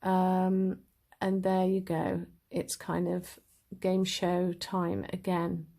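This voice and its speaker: A woman giving a casual spiritual talk as a tarot reader, animated and upbeat with lively swings in her voice. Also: fairly low pitch, slow pace, creaky.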